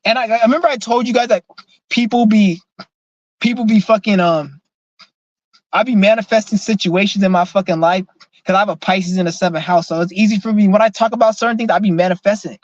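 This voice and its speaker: A young man telling a profane, animated story in a casual vlog rant. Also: high-pitched, fairly quick, no echo, dull audio. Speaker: vlogger.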